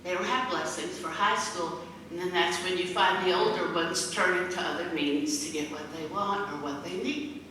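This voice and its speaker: A woman's voice: fairly low pitch, moderate pace, sharp tone, a little hiss or hum. A middle-aged woman giving a heartfelt, folksy talk as a guest speaker, slipping into the voices of the people she quotes. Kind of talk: storytelling speech. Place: large meeting hall. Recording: echoey hall from far off.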